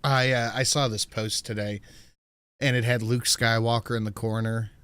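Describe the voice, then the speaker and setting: A man co-hosting a podcast, dropping deadpan quips and reading facts aloud. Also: medium pitch, normal speed, clean tone, no echo. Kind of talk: casual banter.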